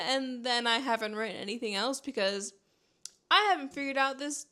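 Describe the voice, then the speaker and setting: A woman's voice: fairly high pitch, normal speed, bright, forceful tone. A young woman from Panama, a novelist, chatting enthusiastically about her book in a rambling writing vlog from her home computer room.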